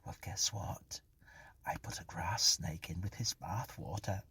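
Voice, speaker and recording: A woman's voice: a bass voice, a little slow, pushed and bright, husky, dry recording, whispered, exaggerated voice. A man voicing a sly, mocking dead young woman in a spoken ghost story, raised well above his own voice. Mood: teasing, goading. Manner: teasing, scornful, mischievous.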